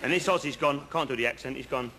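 An actor playing a working-class house painter who spins long pointless anecdotes in an earnest, chatty way, outdoors. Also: male voice, medium pitch, fast, bright, forceful tone, a little hiss or hum. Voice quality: chatty, earnest storyteller, leading asides. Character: rambling working-class male painter spinning pointless yarns. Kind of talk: comedy sketch acting. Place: outdoors on a bridge.

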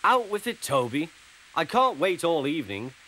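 A man's voice: on the high side, sing-song, normal speed, sharp tone, a little hiss or hum, pitched above the performer's own voice, low-quality recording. A man voicing a cheeky, impatient male tank engine with a bossy manner.

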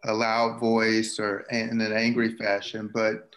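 Man, class participant, gentle, thoughtful, pauses often. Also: on the low side, completely flat delivery, poor audio. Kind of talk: casual chat.

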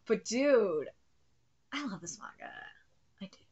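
A woman hosting a live reaction, reading a comic aloud and swearing and shrieking with excitement. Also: medium pitch, a little slow, breathy edge, lo-fi sound. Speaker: host.

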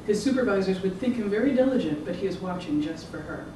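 An author giving a measured, rhythmic public reading of their own fiction. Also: medium pitch, expressive. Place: event room. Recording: echoey room, distant mic, background noise.

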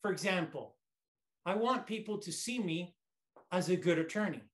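A man giving a memorized contest speech as a reflective story, in short phrases with dramatic pauses. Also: high-pitched, lively intonation. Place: online conference.

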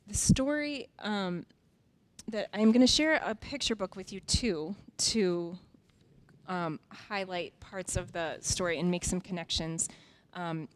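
A woman teaching a children's Sunday school lesson, casually explaining with fillers and reading a Bible story aloud. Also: lowish voice.

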